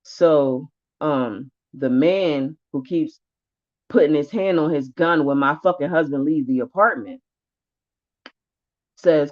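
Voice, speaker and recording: A woman's voice: low voice, takes it slowly, long pauses, a little mellow, dull audio. A woman vlogger telling a story of her own in blunt, profane, heated casual speech. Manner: profane, blunt, rising anger.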